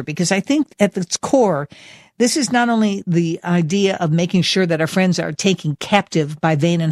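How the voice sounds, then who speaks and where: A woman's voice: fairly low pitch, darkish tone, dry recording, studio quality. A woman hosting a talk radio show, speaking emphatically and with enthusiasm as she introduces a guest. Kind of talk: talk radio monologue and interview.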